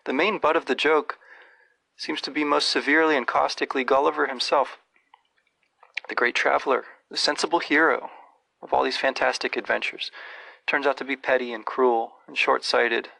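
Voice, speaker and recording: Gravelly, bright-toned reflective male commentator. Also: medium pitch, no echo, low-quality recording. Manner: thoughtful, digressive, measured. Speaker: podcast host.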